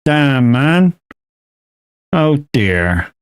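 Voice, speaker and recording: A man's voice: medium pitch, moderate pace. Chatty man streaming a truck game. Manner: chatty, swears freely, laughs often. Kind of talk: casual live-stream chat while driving.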